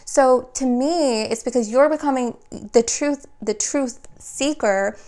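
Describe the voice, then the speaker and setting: Young woman, fairly high voice, tarot reader; talks fast, restarts and loops phrases. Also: a little mellow. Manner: flowing, rapid, repeats and restarts phrases. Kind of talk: spiritual tarot reading.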